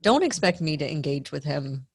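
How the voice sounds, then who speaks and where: A woman's voice: sits low, sing-song, normal speed, slightly rough, no echo, clean studio sound. A woman guest on a casual podcast, frank and matter-of-fact as she explains where she draws the line. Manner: frank, sets firm limits matter-of-factly.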